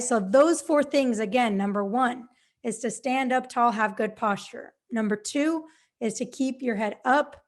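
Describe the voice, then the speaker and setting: A woman hosting a podcast as a confidence coach, giving direct, encouraging instructions and often checking in with the listener. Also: mid-range voice.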